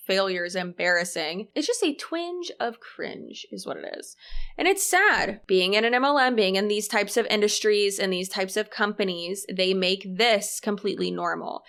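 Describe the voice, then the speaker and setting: A woman hosts a reaction video and comments bluntly with a sarcastic edge. Her voice sits at an ordinary middle pitch, and her delivery is outspoken and direct. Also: a bit bright. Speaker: reaction channel host.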